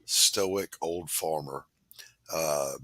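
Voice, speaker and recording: A man hosting a casual chat, telling folksy, animated stories and reading out comments. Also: a bass voice, drawn-out words, no room sound, rough recording.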